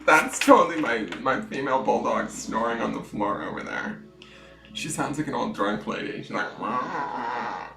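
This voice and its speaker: A man hosting a casual tarot livestream from home, chatty and self-mocking, swinging between loud greetings and mumbled asides. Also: medium pitch, animated, normal speed, gravelly, roomy sound, music in the background. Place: room at home with dogs snoring nearby.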